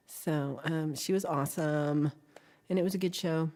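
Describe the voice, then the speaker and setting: A woman's voice: low voice, steady tone, moderate pace, a little mellow. A woman hosting a casual livestream chat, playful and giggly, now and then dropping into whispers as she talks to her viewers. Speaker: livestream host.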